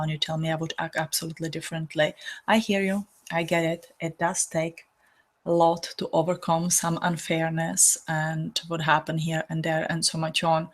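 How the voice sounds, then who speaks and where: Earnest, slightly low-voiced woman healer. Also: a bit bright. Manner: earnest, loose phrasing with many restarts. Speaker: reverend and spiritual healer. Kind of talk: spiritual talk and guided exercise.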